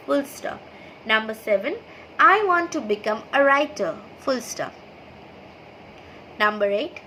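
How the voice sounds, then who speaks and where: High-voiced woman teaching an English class. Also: animated, bright, forceful tone, a little hiss or hum, low-quality recording. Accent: Indian English. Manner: reads sentences aloud, then names the punctuation; slow, explanatory, checks in with "okay". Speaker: school teacher. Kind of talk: online class lesson over slides.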